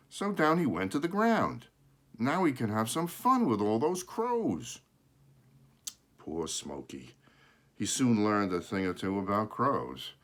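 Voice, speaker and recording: A man reads a children's storybook aloud in an animated way, his voice swooping high and low as he tells it. He stops now and then for casual asides to show the pictures, and corrects his small slips as he goes. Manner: shows pictures while reading.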